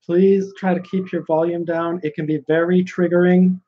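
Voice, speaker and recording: A man voicing a fussy, easily agitated male convention speaker who pleads for quiet in a prissy, drawn-out way, on a dull lo-fi recording. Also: sits high, flat delivery, pitched above the performer's own voice. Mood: fussy pleading. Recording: dull lo-fi sound.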